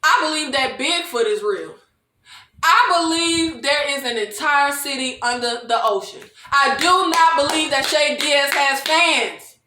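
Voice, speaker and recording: A young woman giving a comedic TV recap, animated and quick to laugh. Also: sits high, reverberant, slight background noise. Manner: animated, laughs often, mock-quotes characters in exaggerated voices. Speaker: TV recap vlogger.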